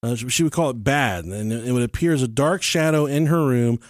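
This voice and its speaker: A man in the middle of telling a story on a podcast, mid-range in pitch, swearing casually and breaking into laughs. The sound is dry and close, with no room around his voice. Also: fairly quick, no echo. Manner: profane, joking, laughs often while telling. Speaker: podcast host.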